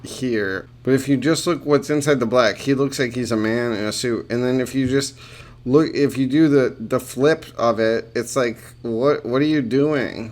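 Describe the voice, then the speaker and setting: A man's voice: mid-range voice, moderate pace, a little mellow. A man doing reaction commentary on a clip, sarcastic and exasperated, swearing often.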